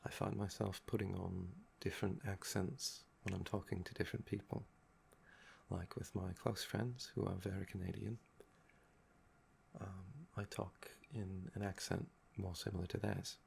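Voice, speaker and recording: Young man with heavy gravelly fry, ASMR chat. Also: low-pitched, level tone, moderate pace, a little mellow, a little hiss or hum. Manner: meandering and musing, often trailing off with "um". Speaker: ASMR channel host. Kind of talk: soft-spoken ASMR chat.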